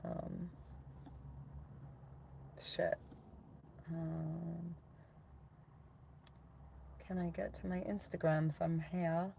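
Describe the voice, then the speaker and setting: A woman's voice: sits low, level tone, drawn-out words, vocal fry, long pauses, a little mellow. A woman casually chatting with viewers on a livestream, rambling loosely and swearing often while reading out comments.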